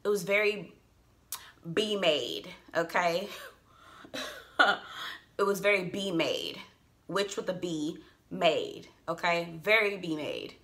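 Bright, chatty woman reviewing TV. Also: lowish voice, slow pace, pauses often. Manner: animated, laughing asides, slangy and playful. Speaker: TV review vlogger. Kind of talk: casual chatty TV recap. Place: at home.

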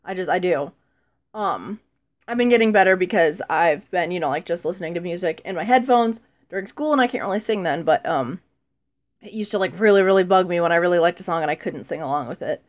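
A woman's voice: lowish voice, expressive, fairly quick. A teenage girl chatting casually in a vlog, rambling and self-deprecating, with frequent ums and laughs. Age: teens. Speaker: vlogger.

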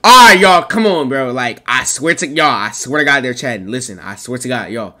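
This young man is live-streaming, his reactions casual and rambling, his protests repeated and excitable. He speaks at normal speed in a mid-range voice.

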